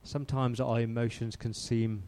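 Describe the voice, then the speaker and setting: Guy giving a sermon at church, relaxed warm tone, talks casual, stumbles and repeats a lot. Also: mid-range voice, moderate pace. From outside Australia. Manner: conversational, rambling with repeats and restarts. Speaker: preacher.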